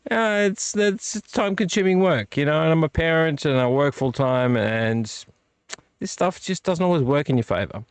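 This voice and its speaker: A man's voice: fairly high pitch, lively intonation, normal speed, smooth, dry recording. Tired, rambling middle-aged male host. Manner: rambling, self-correcting, chatty with live chat. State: tired, yawning. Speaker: vlog host. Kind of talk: casual live-stream chat. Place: home collection room. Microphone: desk microphone.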